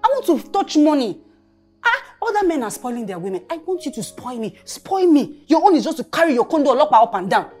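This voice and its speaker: A woman's voice: high-pitched, sing-song, brisk, darkish tone, faint music behind. An actress playing a scornful, money-hungry girlfriend. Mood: demanding. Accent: Nigerian. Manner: scolding, dismissive. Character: scornful young woman, demanding money from her boyfriend. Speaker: girlfriend in a film drama. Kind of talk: Nollywood film acting.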